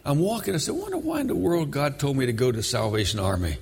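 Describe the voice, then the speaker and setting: A man from Brooklyn preaching a sermon, moving between shouted exhortation and a folksy story told with many fillers. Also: on the high side, big pitch swings, fast, in a large hall, a crowd in the background.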